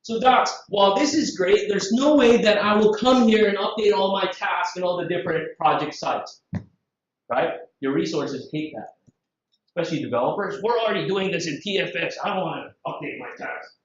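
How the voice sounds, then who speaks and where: A man from Southeast Asia giving a live conference software demo, lively and jokey, full of rhetorical questions. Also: sits high, moderate pace. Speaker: conference presenter. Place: conference room. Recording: very echoey, distant, dull hall sound.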